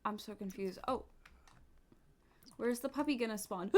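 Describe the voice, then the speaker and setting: A young adult woman giving casual, bubbly commentary while playing a life-sim game, gushing with quick asides and giggles. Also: mid-range voice, expressive, bright, forceful tone. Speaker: gaming YouTuber.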